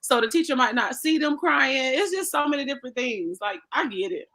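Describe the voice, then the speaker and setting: Bright teasing woman in casual chat. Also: high voice, lively intonation, a little fast. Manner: teasing, laughing, empathetic. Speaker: co-host.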